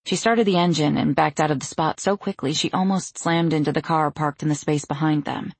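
A woman reading fiction aloud in a steady, measured way. Her voice is low with a husky grain. The recording is dry and close, with no room echo. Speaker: audiobook narrator. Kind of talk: scripted narration.

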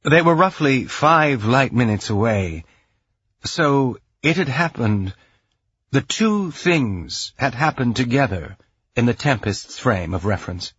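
A man narrating a science fiction audiobook in a measured, even storytelling voice. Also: medium pitch, breathy edge, dull audio. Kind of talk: scripted narration.

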